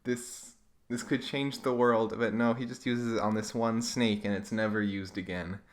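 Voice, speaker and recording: A man's voice: lowish voice, fairly even intonation, normal speed, slight background noise. Wry man mocking his old comics. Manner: wry, sarcastic. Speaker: YouTuber reading his own childhood comics. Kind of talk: comedic commentary.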